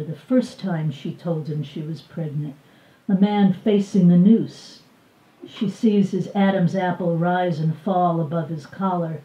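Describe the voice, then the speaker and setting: An older woman with a low-pitched voice reads her memoir aloud at a bookstore, measured and expressive as she voices the dialogue. The sound is roomy and dull, picked up from some distance away. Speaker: author reading from her memoir. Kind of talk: live book reading. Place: bookstore reading event.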